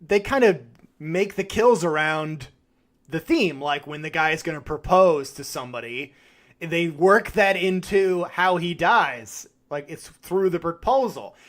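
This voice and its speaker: A man co-hosting a podcast, chatting casually, animated and quick to swear as he acts out reactions. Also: fairly high pitch. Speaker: podcast co-host. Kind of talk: casual chat.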